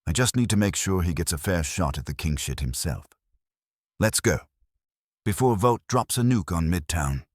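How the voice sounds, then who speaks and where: A man voicing a blunt, sardonic middle-aged male vigilante with a rasping delivery. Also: sits low, expressive, moderate pace, dry recording, clean studio sound. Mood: grim relish.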